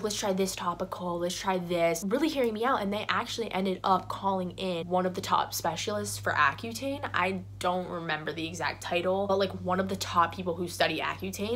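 A young woman shares her personal story with her viewers in a candid, conversational vlog. She talks quickly at a mid pitch and peppers her speech with "like.". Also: fairly bright tone, breathy edge. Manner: candid, chatty, heavy use of "like". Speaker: vlogger.

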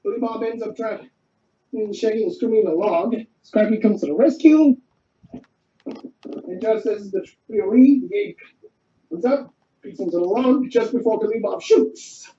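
A man with an extremely dark, mellow voice rambles through a cartoon plot summary in a casual, halting way. He often stops and restarts mid-sentence. The sound is dull and lo-fi, like a cheap home recording. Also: high voice, lively intonation. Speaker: co-host recapping a cartoon. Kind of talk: casual retelling.

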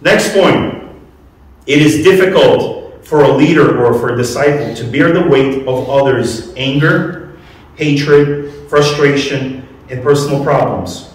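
A man's voice: medium pitch, unhurried. A man preaching a sermon to a congregation in a conversational way, asking them questions as he goes. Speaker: pastor. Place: church hall. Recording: echoey room, mic at a distance.

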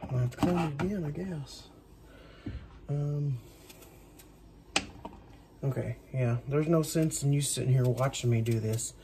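A man's voice: mid-range voice, slow, vocal fry, pauses often, very noisy. A man cooking in his home kitchen, chatting in a rambling, self-deprecating way with plenty of asides. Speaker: home cook. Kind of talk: casual cooking vlog chat.

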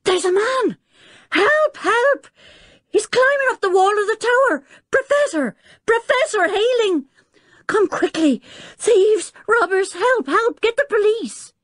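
Woman doing a breathless, jittery plump housekeeper, wide-ranging husky voice. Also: medium pitch, animated, measured pace, a little mellow, no room sound, clean studio sound. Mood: screaming in panic. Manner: panicky, breathless, chattering. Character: frightened plump female housekeeper. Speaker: servant of the professor.

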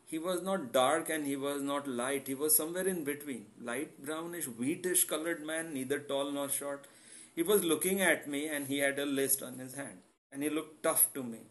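A middle-aged man from India with an Indian accent, preaching and sharing a personal testimony in an earnest, confessional way and calling his listeners "guys". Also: a little high. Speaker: online church founder and preacher.

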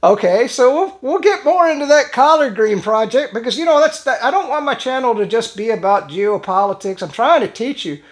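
An older man talks in a loose, rambling vlog style, full of restarts and small chuckles. His voice sits noticeably high for a man. The delivery is folksy and offhand. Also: animated, fairly quick, few pauses. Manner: chuckles often. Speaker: channel host. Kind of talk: casual vlog commentary.

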